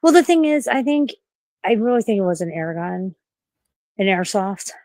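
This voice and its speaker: A woman's voice: mid-range voice, animated, normal speed, warm tone, no echo. A woman chatting on a livestream, swearing a lot and sounding scared and out of breath outdoors at night. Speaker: streamer. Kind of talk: casual livestream chat.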